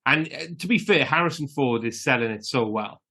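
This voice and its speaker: A man in relaxed podcast chat, talking at a mid-range pitch. He is jokey and loose, and he swears freely as he goes. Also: brisk. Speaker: podcast co-host. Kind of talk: casual film chat.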